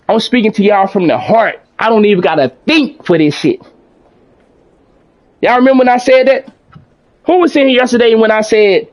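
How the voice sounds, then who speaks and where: Guy with a really high voice talking to his stream chat, preachy motivational rambling, aave. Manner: preachy, motivational, repeats himself, reads out chat. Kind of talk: casual livestream chat.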